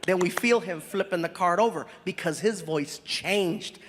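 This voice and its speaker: A man telling a stand-up story on stage, acting out voices with loud, animated delivery. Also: sits high, normal speed, a little hiss or hum. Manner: animated, shouting impressions, big laughs. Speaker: stand-up comedian. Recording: live show in a big hall, loud crowd. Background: audience laughter.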